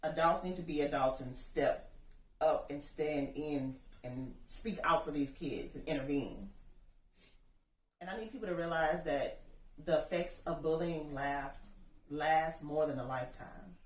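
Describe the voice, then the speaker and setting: Woman, low voice, impassioned storyteller, echoey room, mic set far off. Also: a little slow. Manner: earnest, impassioned storytelling that acts out dialogue. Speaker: bereaved mother telling her story. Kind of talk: personal testimony interview. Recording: echoey room, distant mic, faint noise.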